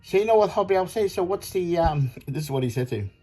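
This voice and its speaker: Husky middle-aged guy from australia, fed up rant, keeps repeating himself. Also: high-pitched, animated, fast talker, warm tone, faint music behind. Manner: indignant, repetitive, retells phone calls with quoted voices. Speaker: audio kit seller. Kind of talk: ranting monologue.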